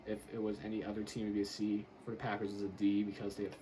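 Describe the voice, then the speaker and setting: A man's voice: on the low side, completely flat delivery, rapid-fire, mellow, a little hiss or hum, poor audio. A man grading football draft picks in a casual commentary, blunt and exasperated, swearing and laughing as he rants.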